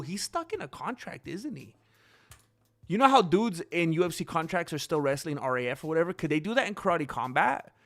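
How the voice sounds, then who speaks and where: Chatty man rambling on a livestream. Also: fairly high pitch. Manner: rambling, animated, talks to chat viewers. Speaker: livestream host. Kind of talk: casual livestream chat.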